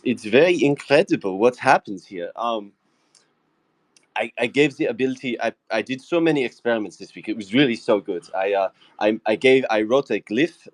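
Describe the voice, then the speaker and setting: A man faking a French accent as a lonely, tobacco-loving AI meme agent, halting with many fillers and broken English phrasing. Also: lowish voice, dry recording, natural voice. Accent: French (put on). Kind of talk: casual group call.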